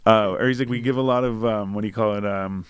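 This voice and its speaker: A man's voice: fairly low pitch, fairly even intonation, fast, smooth, no room sound. A young man casually telling a long, profane, rambling anecdote. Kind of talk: casual chat, storytelling.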